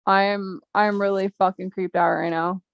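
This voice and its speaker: Profane, fast-ranting woman chat host. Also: mid-range voice, little pitch movement, creaky, smooth, dry recording, lo-fi sound. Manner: angry, profane, rambling. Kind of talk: casual livestream chat.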